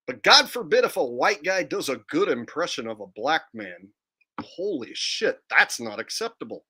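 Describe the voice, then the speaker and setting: A man's voice: fairly high pitch, very animated, moderate pace, bright, forceful tone, slightly rough. A man ranting in a profane, mocking monologue to his viewers. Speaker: video blogger.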